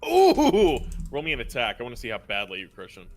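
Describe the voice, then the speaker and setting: A man narrating a tabletop role-playing game as game master, chatty and quick to laugh. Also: on the low side, pushed and bright. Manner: laughs often, loose and chatty.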